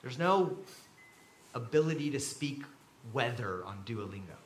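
A man preaching a sermon as pastor, telling stories with animated, sudden loud bursts. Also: mid-range voice, unhurried, reverberant, slight background noise. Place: church.

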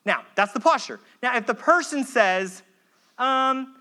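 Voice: mid-range voice, very animated, moderate pace, bright, forceful tone. A pastor giving a sermon in a conversational, earnest way, pleading at times and often checking in with the listeners. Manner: frequent checking asides.

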